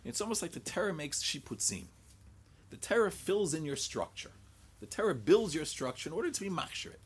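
A man's voice: fairly high pitch, big pitch swings, a little fast, husky. A man teaching a Talmud lecture. He mixes English with Hebrew and Aramaic study terms and thinks aloud in rhetorical questions, often repeating words.

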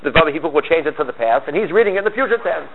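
A man teaching a class, talking in a halting way with many restarts. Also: a little high, animated, creaky. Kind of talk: lecture on Hebrew grammar. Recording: tinny phone-like line, faint hiss.

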